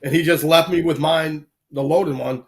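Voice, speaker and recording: Male co-host, slightly high voice, rambling storyteller, casual. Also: steady tone, moderate pace. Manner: rambling storyteller, many fillers like "right?". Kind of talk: casual podcast chat.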